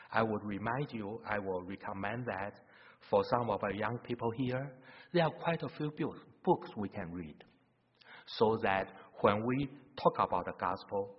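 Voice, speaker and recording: Husky man preaching in a reverberant hall. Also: lowish voice. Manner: earnest, unhurried, illustrative storytelling. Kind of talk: sermon. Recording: dull sound with long hall reverb.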